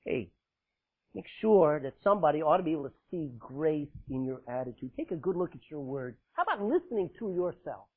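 A man preaching a sermon to a congregation, emphatic and forceful, joking with the listeners in between. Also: fairly high pitch, sing-song, a little fast, breathy edge. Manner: forceful, emphatic preaching with sudden loud bursts and dramatic drops; laughs often, jokes with the congregation. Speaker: pastor. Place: church, live congregation. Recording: tinny phone-like sound.

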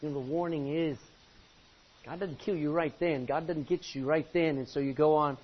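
A male pastor preaching a sermon from the front of a church, impassioned, swinging from loud pleading to low intensity. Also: steady tone, moderate pace, breathy edge. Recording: dull lo-fi recording with faint hiss.

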